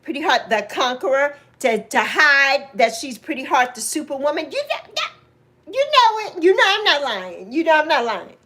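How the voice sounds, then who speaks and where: Woman in her 60s, New York accent, high voice, chatty livestream host who teases viewers. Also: big pitch swings, moderate pace, sharp tone. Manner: chatty, teasing, laughs often. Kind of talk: casual livestream chat to viewers.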